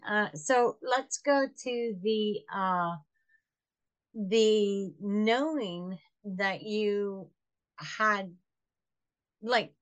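A woman interviewer who asks her questions with slow, searching phrasing. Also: medium pitch.

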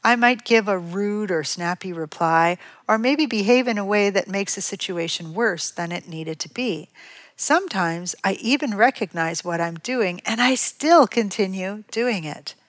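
A middle-aged woman reads a prepared parenting talk in an even, measured manner. Her voice sits at a middle pitch. The recording is dry, with no room sound. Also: dry recording. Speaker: parent educator. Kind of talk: scripted reading of a parenting piece.

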